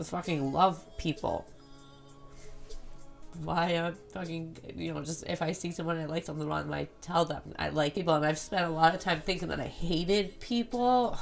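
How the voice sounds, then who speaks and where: A woman's voice: on the low side, vocal fry. A young woman hosting a solo podcast, talking candidly and rambling, swearing often. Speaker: podcast host. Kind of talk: casual solo podcast chat.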